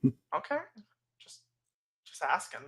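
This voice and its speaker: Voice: slow, sharp tone. A player in a tabletop role-playing game talking hesitantly and asking many questions. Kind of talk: in-character tabletop role-play.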